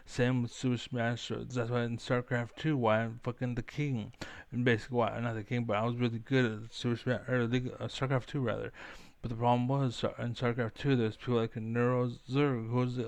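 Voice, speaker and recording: Young guy ranting, swears a lot, flat voice, dry close sound. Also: medium pitch, fairly quick, smooth, no room sound. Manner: rambling, profane, fired-up. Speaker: online commentator. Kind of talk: profane rant to camera.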